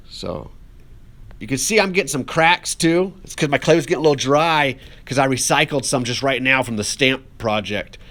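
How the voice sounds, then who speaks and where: A man's voice: medium pitch, a bit bright. A man teaching a pottery lesson, talking casually and cheerfully while he works the clay and encourages his students. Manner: upbeat and encouraging, talks while working with hands. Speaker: art teacher. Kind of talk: casual classroom demonstration.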